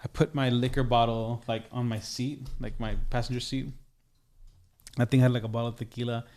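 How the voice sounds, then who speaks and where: Casting: young adult man, podcast guest, mid-pitch voice, loose storyteller who keeps circling back with fillers. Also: little pitch movement, brisk, darkish tone. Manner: rambling, heavy on "like" and restarts. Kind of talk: casual storytelling.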